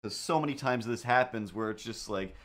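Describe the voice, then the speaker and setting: A man's voice: mid-range voice, brisk, a bit bright. Rambling, jokey male livestream host. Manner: rambling, jokey, full of fillers and asides. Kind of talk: casual livestream chat.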